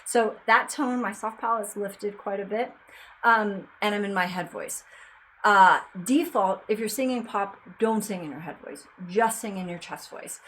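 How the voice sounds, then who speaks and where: Bright-voiced woman teaching singing. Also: mid-range voice, normal speed, a little hiss or hum, rough recording. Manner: chatty, demonstrates sung notes between explanations. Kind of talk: casual vocal lesson with sung examples.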